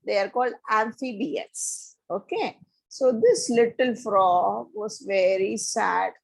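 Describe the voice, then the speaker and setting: A woman telling a children's story slowly, asking a young listener questions as she goes. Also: mid-range voice, expressive, gravelly, slightly rough, rough recording.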